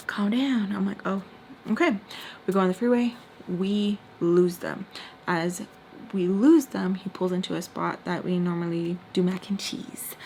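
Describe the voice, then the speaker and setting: A woman vlogger telling a personal story to her viewers in a casual, expressive way, with quick asides and some lines dropped to a whisper. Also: fairly low pitch. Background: faint heater hum.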